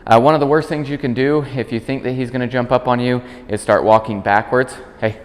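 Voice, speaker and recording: A man working as a dog trainer, explaining commands in a calm instructional demonstration. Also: a little fast, in a large hall. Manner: calm explaining, high-pitched praise to the dog.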